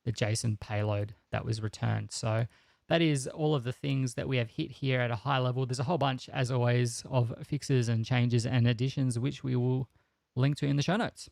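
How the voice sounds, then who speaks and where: A man's voice: medium pitch, gravelly, no room sound. A man from Adelaide with a South Australian accent, co-hosting a casual tech podcast and running through news items with dry jokes. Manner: relaxed, dry joking, brisk rundown of news items. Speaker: podcast co-host.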